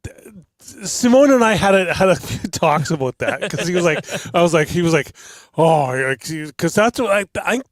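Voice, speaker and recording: A man's voice: on the high side, animated, normal speed, no echo. A man co-hosting a casual podcast, rambling and often repeating words as he restarts his sentences. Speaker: podcast co-host. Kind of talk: casual chat.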